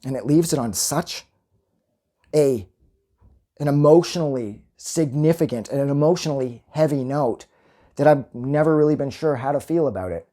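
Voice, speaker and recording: A man with a mellow, darker tone rambles through a casual film review. He gets excitable, swears freely and keeps wandering off on tangents while he talks. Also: a little high, normal speed.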